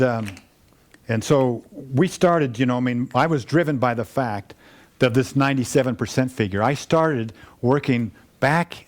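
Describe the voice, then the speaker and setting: Fast-talking older man telling stories. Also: medium pitch. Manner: rambling, animated, with restarts and asides. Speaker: wealth planning firm founder. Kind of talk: casual storytelling talk to an audience.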